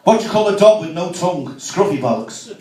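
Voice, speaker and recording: Cheeky stand-up comic. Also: male voice, sits high, animated, fairly quick, mellow. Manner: cheeky, chatty, with asides to the crowd. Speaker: stand-up comedian. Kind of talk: stand-up comedy set. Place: comedy club. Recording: echoey room, mic from far off.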